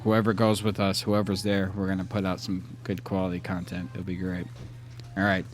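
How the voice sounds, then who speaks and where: A man co-hosting a podcast in loud, joking, profane banter. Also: low voice, completely flat delivery, normal speed, faint music behind. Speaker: podcast co-host. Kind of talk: casual chat.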